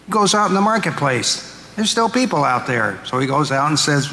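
A man's voice: on the high side, big pitch swings, fairly quick, bright, forceful tone, a little hiss or hum. A male pastor preaching a homily, retelling a parable in a storytelling way and acting out its speakers. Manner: storytelling, acts out quotes. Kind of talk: sermon. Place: church. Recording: echoey church hall, faint ambience.

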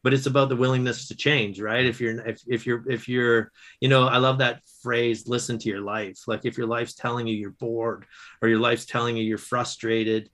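Guy telling teaching stories, bright voice, keeps restarting, laughs a lot. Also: mid-range voice. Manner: animated, quick storytelling with restarts and laughs. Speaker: guest author and educator. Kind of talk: casual storytelling.

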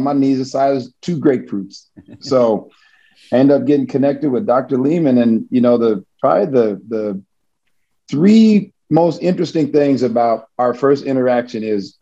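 A man from Missouri tells a personal story in an easygoing interview voice, with frequent restarts and soft laughs. His tone is dark and mellow at a middle pitch. The recording sounds a little dull. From Missouri, USA. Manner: casual, chuckling, many restarts.

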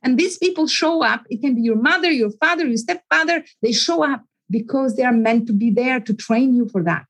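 A woman's voice: on the high side, fairly quick, hardly any pauses, husky, rough recording. A woman psychologist, an interview guest, telling a personal story in an earnest way, repeating words and often restarting her sentences.

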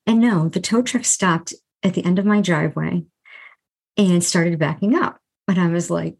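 A woman's voice: on the low side, moderate pace, gravelly. A woman hosting a podcast, telling a personal story and acting out the dialogue with emphasis. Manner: lively retelling with quoted dialogue. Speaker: podcast host.

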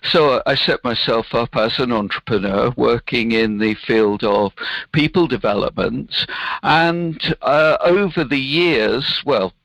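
A man's voice: mid-range voice, slow pace, fairly bright tone, no room sound, poor audio. A man, a business founder answering interview questions in an earnest, explaining way.

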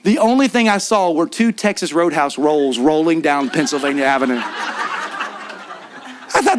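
A man preaching at a church conference, telling a story in an animated way and acting out what his friends said. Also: on the high side, normal speed, pauses often, a little hiss or hum. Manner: animated, acts out friends' lines. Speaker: guest preacher. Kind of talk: storytelling sermon. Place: church in front of a congregation.

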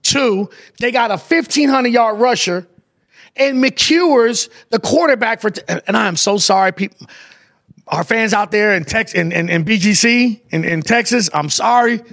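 A man co-hosting a lively sports panel, talking in a high, bright register. He talks with hype and slang, throwing questions at the others. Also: moderate pace. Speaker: sports show co-host. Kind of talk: casual sports panel chat.

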